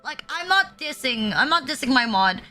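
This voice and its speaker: A woman's voice: high-pitched, very animated, moderate pace, bright, forceful tone, soft background music. A young woman streaming, joking crudely and rambling with lots of fillers. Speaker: VTuber streamer. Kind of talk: casual livestream chat.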